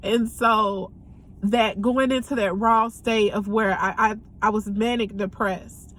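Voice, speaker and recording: A young woman giving a candid personal testimony, speaking earnestly and haltingly with frequent pauses and ums. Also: medium pitch, steady tone, a bit bright. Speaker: vlogger sharing a personal story.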